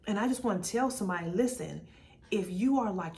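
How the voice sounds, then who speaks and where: A woman's voice: medium pitch, fairly quick. Chatty woman in her forties. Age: 40s. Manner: animated, chatty, calls the viewer baby and girl. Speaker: vlogger sharing her testimony. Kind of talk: casual faith talk to camera.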